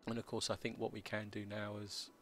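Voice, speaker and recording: A man hosting a city-building let's play, talking casually as he plays, with a slightly croaky voice and a halting, stammering way of speaking. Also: lowish voice, completely flat delivery, a bit bright, a little hiss or hum. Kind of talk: casual gameplay commentary.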